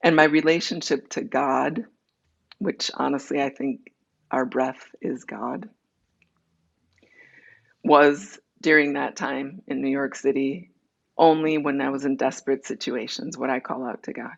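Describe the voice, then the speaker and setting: A woman's voice: rumbling low, steady tone, gravelly, dull audio. A woman being interviewed, telling her personal story candidly and acting out the dialogue as she goes. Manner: candid, tells her story in quick runs with acted-out dialogue. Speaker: interview guest.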